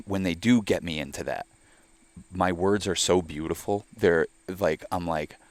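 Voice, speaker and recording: Low-voiced man in casual podcast chat. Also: no echo. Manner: profane, rambling, animated storytelling. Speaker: podcast host.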